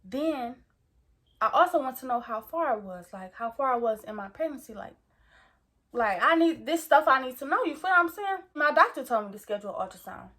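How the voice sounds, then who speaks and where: Full of slang and the constant fillers "like" and "you feel me," a late-teen young woman vlogger rambles through a casual story. She speaks fairly quickly in a high, bright voice that is expressive and forceful.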